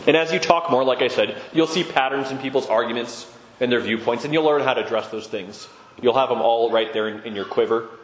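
A man's voice: medium pitch, fairly quick, slight background noise. A man giving a conversational sermon-style talk on Orthodox Christian living, acting out quoted voices as he goes. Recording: echoey room with long reverb.

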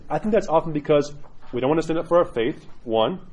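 A man, a priest, teaching a class in a chatty, animated way, often acting out quotes. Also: a little high, fast talker, muffled recording. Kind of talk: casual catechism class talk.

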